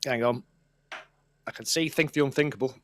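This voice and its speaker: A man's voice: medium pitch, moderate pace, fairly bright tone, a little hiss or hum. A man, chatting casually as a co-host and telling rambling stories that break off and restart. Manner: rambling, self-interrupting storyteller. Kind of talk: casual chat.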